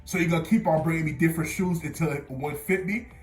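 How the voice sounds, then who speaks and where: Animated young man telling a story, roomy echo. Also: a little high, quick pace. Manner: animated, stammering retelling with sudden loud outbursts. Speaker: vlogger. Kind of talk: casual storytime. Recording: roomy echo with faint music.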